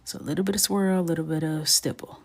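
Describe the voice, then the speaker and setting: Greeting her viewers by name, a woman colors on a live stream and chats casually, frequently sinking to a soft near-whisper. Her deep voice moves fast with fairly even intonation.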